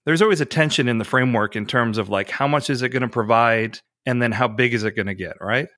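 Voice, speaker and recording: A man hosts a tech podcast, opening with friendly banter and asking questions through silly playful scenarios. His voice sits at a medium pitch and he talks in a relaxed, casual way. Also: quick pace, no room sound, studio quality. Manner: playful, jokey framing of questions. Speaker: podcast host.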